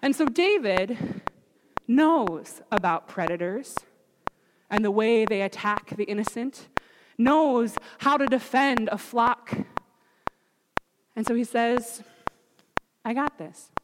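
A woman preaching a sermon, retelling a Bible story in a lively way and acting out the quotes, recorded in an echoey hall with background noise. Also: a little high, slow pace, long pauses.

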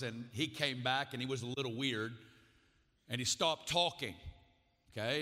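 A man's voice: mid-range voice, pushed and bright. A man in his forties with an Arkansas accent, telling his testimony as a guest preacher in folksy storytelling style with frequent asides. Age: 40s. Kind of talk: sermon testimony. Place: large conference hall. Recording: reverberant hall.

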